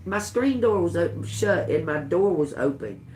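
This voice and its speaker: A woman's voice: on the high side, moderate pace. Heated, profane woman ranting. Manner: profane, heated, animated retelling. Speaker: tarot reader on a live stream. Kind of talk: casual storytelling rant.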